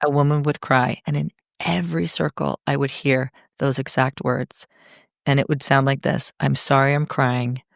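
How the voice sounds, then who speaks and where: A middle-aged woman talking as a podcast guest in a heartfelt, expressive, emphatic way. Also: rumbling low, normal speed, creaky, no room sound, studio quality. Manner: expressive, emphatic, speeds up when enthused. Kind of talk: heartfelt conversation.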